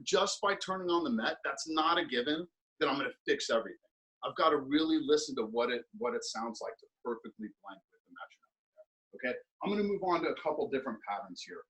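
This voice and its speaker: A man teaching percussion in an instructional clinic, counting beats aloud and explaining practice habits in a relaxed, thinking-aloud way full of fillers. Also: medium pitch, low-quality recording. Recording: steady ticking and tapping noise under the voice.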